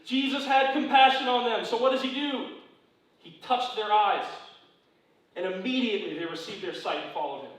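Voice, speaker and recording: A man preaching a conversational sermon in a church, who repeats his phrases, keeps asking "right?" and drops low and quiet on serious points. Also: moderate pace, heavy reverb, recorded from a distance, rough recording. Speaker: pastor. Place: church sanctuary.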